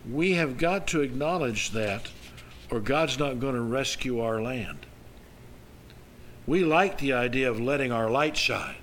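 A man's voice: medium pitch, lively intonation, measured pace, a bit bright, slight background noise, poor audio. Older man preaching a folksy sermon. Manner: folksy storytelling with emphatic rises. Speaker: pastor.

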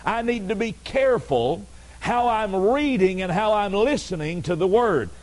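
Man, pastor, sermon, high-pitched voice, emphatic, repeats commands. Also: animated, normal speed, a little mellow, rough recording. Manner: emphatic, repeats commands, asks the congregation direct questions. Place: church service on a Sunday night.

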